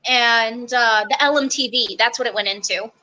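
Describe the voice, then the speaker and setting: A young woman telling stories from army basic training in a casual interview, lively and quick, acting out the quotes. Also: fairly high pitch. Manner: animated, quick storytelling with acted-out quotes.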